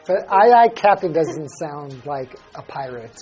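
Low-voiced joking woman host. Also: expressive, unhurried, over music. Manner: joking, self-mocking. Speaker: co-host of an English lesson show. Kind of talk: casual chat.

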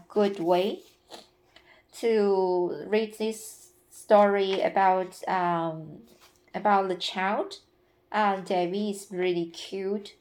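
A woman's voice: lowish voice, darkish tone. A woman reading a novel aloud, then commenting on it in a hesitant way with many fillers. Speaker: reader.

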